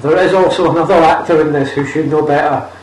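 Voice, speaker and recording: Crude mocking man, slightly high voice. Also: steady tone, fast talker, a little mellow. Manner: crude, mocking, chuckling asides. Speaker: podcast co-host. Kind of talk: casual film review chat. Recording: echoey room, far from the mic.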